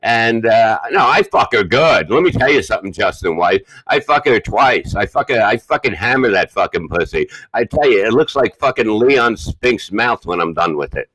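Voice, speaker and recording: A man's voice: lowish voice, animated, normal speed, few pauses, slightly rough, no room sound, low-quality recording. Profane, boastful New man. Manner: profane, boastful, loud storytelling. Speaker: podcast co-host. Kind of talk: crude comedic podcast banter.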